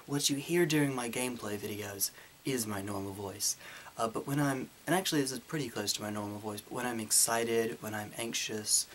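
Man, casual Q&A host, light Southern twang, voice held deep and full, mid pitch. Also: a bit bright, a little hiss or hum. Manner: deliberately deeper, fuller voice to tone down his twang. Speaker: YouTuber answering viewer questions. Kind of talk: casual Q&A monologue.

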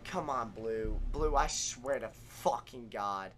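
A young man giving live commentary on his own gameplay, ranting and swearing in exasperation, swinging from shouts down to muttering. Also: fairly high pitch, unhurried, hardly any pauses, a little hiss or hum. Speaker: gaming streamer.

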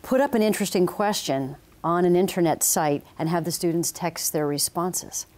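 Appearing as a guest on a television interview in a studio, a business professor explains her points calmly and with assurance. She has a low, mellow voice.

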